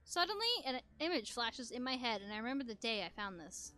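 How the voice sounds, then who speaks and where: Woman narrating a game, expressive reading, high pitch, bright tone, headset mic. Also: a little fast, soft background music. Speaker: gameplay narrator. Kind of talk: reading a visual novel aloud.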